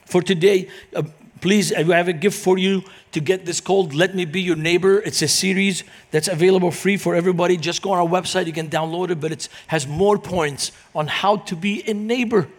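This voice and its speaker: Man, middle-aged, guest preacher, high-pitched, animated storytelling. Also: fairly quick, few pauses. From Lebanon. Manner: animated, acts out quoted voices in anecdotes. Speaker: guest speaker, Christian minister. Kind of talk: storytelling sermon.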